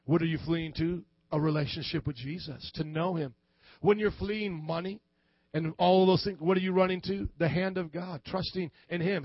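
A man preaching as a pastor, animated and jokey, poking fun at himself as he talks. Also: on the high side, breathy edge, dry recording, lo-fi sound. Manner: animated, acts out quoted voices; jokey and self-deprecating. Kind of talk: sermon.

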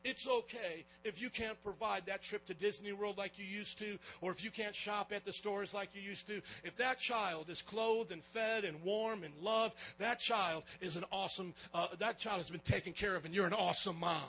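A man preaching a lively sermon as pastor, calling for amens and getting loud at times. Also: sits high, normal speed, hardly any pauses, poor audio.

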